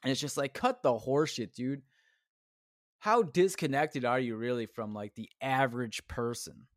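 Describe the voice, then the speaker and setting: At a moderate pace and in a mid-range voice, a man rambles through a casual rant on his solo podcast, swearing constantly. The recording is dry and studio-clean, and he keeps interrupting himself to chase tangents.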